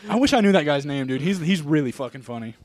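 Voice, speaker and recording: A man's voice: a little high, fast, crowd noise. A young man co-hosting a comedy podcast, joking and swearing freely in casual chat. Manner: joking, lively, swears freely, slips into silly impressions. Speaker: podcast co-host.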